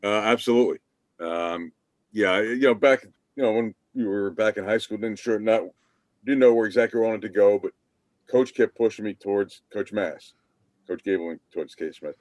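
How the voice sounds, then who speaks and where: A man's voice: fairly low pitch, moderate pace, dry recording. A man, a podcast guest who tells long stories over a video call, rambling with many restarts. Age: 50s. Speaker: podcast guest, former team manager. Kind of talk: casual interview storytelling.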